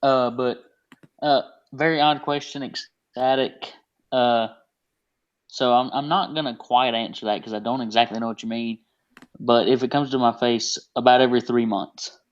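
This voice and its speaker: Southern man, laid-back storyteller, mid-pitched, dull phone-call sound. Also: steady tone, moderate pace. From North Carolina. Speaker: wrestler guest. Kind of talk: casual podcast chat over a call. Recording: muffled phone call audio.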